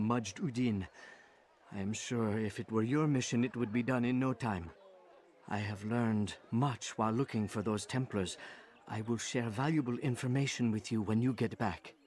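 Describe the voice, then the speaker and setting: A man's voice: mid-range voice, steady tone, normal speed, darkish tone, natural voice. A man voicing a formal, deferential assassin informer.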